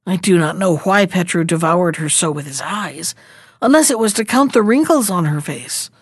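A woman's voice: on the low side, slightly rough, no echo, studio quality. Woman reading a fairy tale aloud. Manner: measured, expressive reading. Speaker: narrator. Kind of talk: storybook reading.

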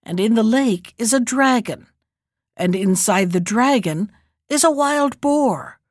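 A woman voicing a proud, boastful male dragon in a storybook reading, speaking slowly and mockingly. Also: on the high side, expressive, no room sound, clean studio sound.

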